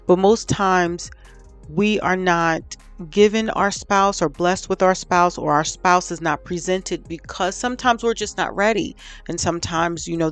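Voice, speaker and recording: A woman's voice: on the low side, no echo. A woman vlogger giving direct relationship advice to the camera, pressing her listeners with rhetorical questions in a candid, preachy way.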